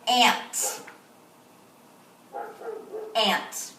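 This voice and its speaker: A woman teaching kindergarten, who talks slowly and clearly to young children and sounds out and repeats words. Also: bright, forceful tone. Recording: roomy echo, voice from a distance, faint noise.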